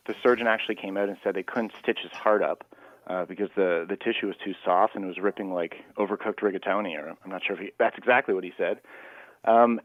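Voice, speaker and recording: Radio guest on a phone line: a low-voiced man, earnest and rambling. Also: no room sound. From Canada. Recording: dry, tinny phone line.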